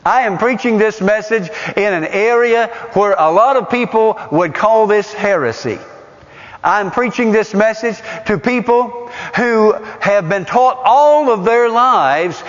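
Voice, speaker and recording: A man delivers a sermon at an unhurried pace, pressing his points through repetition and questions thrown at the listeners. His voice sits high for a man. The sound is a little dull and carries a long reverb from the large church hall. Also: lively intonation. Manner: emphatic, repeats phrases for stress; asks the audience rhetorical questions. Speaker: preacher.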